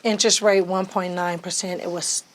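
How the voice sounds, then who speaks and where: A middle-aged woman, a podcast guest, telling her life story in a lively, casual way and jumping high in pitch when she acts out what others said. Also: moderate pace, slight background noise. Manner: animated, acts out quoted speech with big pitch jumps.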